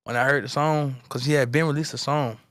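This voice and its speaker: A man's voice: medium pitch, steady tone, a little fast, a bit bright, dry recording. A young man from Florida, a rapper guest, talking in a laid-back, slangy way in an interview. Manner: laid-back, slangy, repeats "you know what I'm saying". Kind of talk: casual interview chat.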